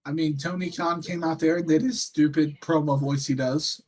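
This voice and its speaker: A man co-hosting a laid-back chat about wrestling, his voice sitting a bit higher than most. He rambles from thought to thought and leans on a steady stream of fillers. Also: normal speed. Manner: rambling, filler-heavy, chatty. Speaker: co-host. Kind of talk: casual chat.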